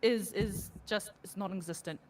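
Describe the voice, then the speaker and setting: A woman's voice: medium pitch, normal speed, a little mellow. An Australian woman co-hosting a podcast, talking in a reflective, upbeat way with frequent fillers. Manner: reflective, upbeat, says "like" often. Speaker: podcast co-host. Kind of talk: casual chat.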